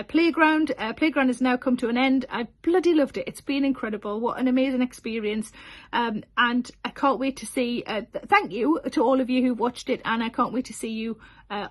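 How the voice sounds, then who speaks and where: A woman in her forties chatting casually to camera about her tour dates, giggly and full of self-deprecating asides. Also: a little high. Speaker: comedian announcing tour dates.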